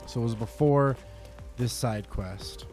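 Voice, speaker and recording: A man's voice: mid-range voice, slow, darkish tone, soft background music. A man streaming a game live, talking to himself and his chat with exasperated swearing and melodramatic pleading. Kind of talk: live gameplay commentary. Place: home desk setup.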